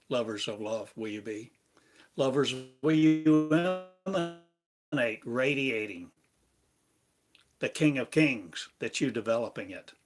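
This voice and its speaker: A man giving a meditative spiritual lesson, speaking in slow, repetitive, incantatory phrases. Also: on the low side, husky. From United States. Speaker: spiritual teacher.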